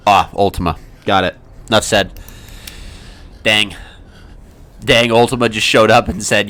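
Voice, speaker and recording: A man's voice: fairly low pitch, steady tone, a little slow, pauses often, sharp tone. A man giving casual let's-play commentary as a gaming streamer, joking and laughing at his own remarks.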